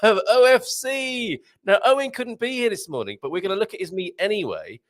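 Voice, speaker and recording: A man's voice: sits high, fairly quick, a crowd in the background. An English man hosting a live chat show, joking and laughing often. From England. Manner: jokey, animated, laughs often. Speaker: host.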